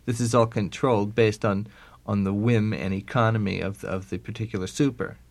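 A man interviewing an author, talking in halting, restarting sentences. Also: on the low side, steady tone. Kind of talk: radio interview.

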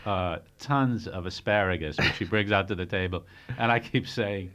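A man as an interview guest, speaking in an animated, thoughtful way in a casual chat. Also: lowish voice, moderate pace.

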